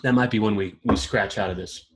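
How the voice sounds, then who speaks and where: A man's voice: on the low side, a little fast, noisy background. Amused man reading questions aloud. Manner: reads questions aloud with amused, laughing commentary. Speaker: podcast host. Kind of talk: casual roundtable discussion.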